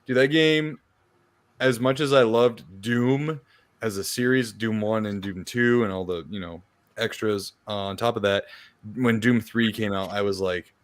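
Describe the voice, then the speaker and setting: A man co-hosting a casual podcast chat, talking in a relaxed way with lots of fillers, laughing and swearing as he recounts. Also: on the low side, unhurried, no echo. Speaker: podcast co-host.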